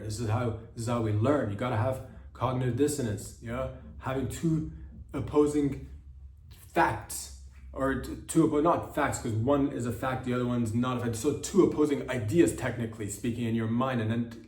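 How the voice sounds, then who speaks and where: Man, comedy podcast host, rambling satirical monologue, halting restarts, roomy echo, mic a bit distant. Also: medium pitch, a little mellow. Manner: meandering, halting, with many restarts and mock-serious asides.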